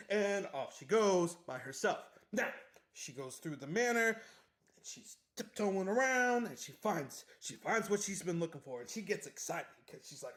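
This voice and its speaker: A man's voice: high-pitched, sing-song, a little slow, a bit bright. A man giving a casual, joking book recap with chatty asides. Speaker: book summary host.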